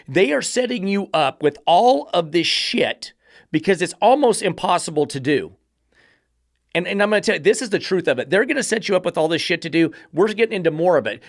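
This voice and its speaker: A man with a fairly high voice rants on his dog-training podcast, sarcastic and exasperated, cursing as he tears into an article. The sound is dry and close, with no room around it. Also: no room sound. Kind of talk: podcast rant reviewing an article.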